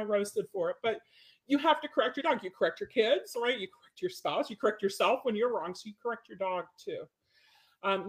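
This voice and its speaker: A woman dog trainer chats from her home for a podcast-style webinar. She talks loosely and keeps checking in with her listeners. On discipline she turns firm and matter-of-fact, with an ordinary pitch for her sex. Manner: chatty, keeps checking in with "right?". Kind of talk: casual webinar podcast talk.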